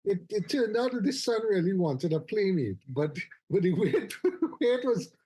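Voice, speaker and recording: A man co-hosting a podcast in loud, joking casual chat, laughing often. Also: high-pitched, sing-song, moderate pace, slightly rough. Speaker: podcast co-host.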